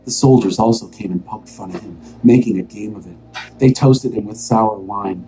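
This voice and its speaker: A man reads scripture aloud as a steady, expressive story. His voice is low and dark with a warm, mellow tone. Soft music plays faintly underneath. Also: a little fast, low-quality recording. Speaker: scripture reader. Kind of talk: dramatized scripture reading.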